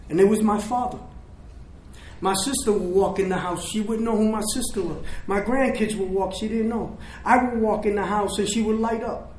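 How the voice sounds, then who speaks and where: An older man from the South Bronx speaks in a notably high voice, sharing an emotional recovery testimony full of quoted conversations. His words ring out in a roomy, echoey hall, with a faint hiss underneath. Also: normal speed, darkish tone. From South Bronx, New York. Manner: emotional, storytelling with quoted dialogue. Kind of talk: personal testimony speech. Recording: echoey room, faint noise.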